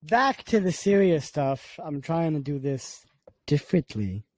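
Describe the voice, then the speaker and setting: A man's voice: on the high side, very animated, a little slow, darkish tone, a little hiss or hum. A man co-hosting a casual podcast, rambling through a story with lots of filler words. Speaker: podcast co-host and producer.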